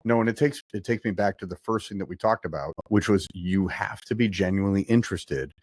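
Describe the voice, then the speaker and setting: A man's voice: sits low, brisk, darkish tone, dry recording. A man who is a podcast guest, talking in an earnest, casual way and often restarting his sentences. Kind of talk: casual conversation.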